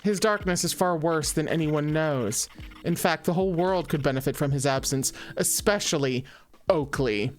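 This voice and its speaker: A woman's voice: deep voice, moderate pace, faint music behind, lightly acted. A woman voicing a sassy, scheming female angel who performs at a bar and talks people into her plans. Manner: sassy, persuasive. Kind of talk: let's play voice acting.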